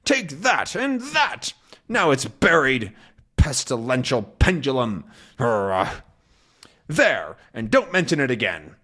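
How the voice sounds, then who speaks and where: A man voicing a gruff, hot-tempered sea captain who blusters and curses in outbursts, in a comic-book reading. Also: mid-range voice, sing-song, takes it slowly, sharp tone, heavily acted. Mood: triumphant.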